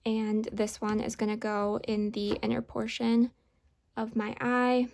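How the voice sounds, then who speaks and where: Woman, beauty vlogger, makeup tutorial narration, calm step-by-step, heavy vocal fry, slow-paced. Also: fairly high pitch.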